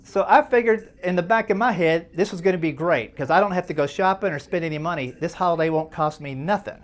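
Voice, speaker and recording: A man's voice: a little high, fast talker, faint music behind. A man doing stand-up comedy, folksy and self-deprecating, chatting with the crowd as he tells stories. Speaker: stand-up comedian at a charity dinner.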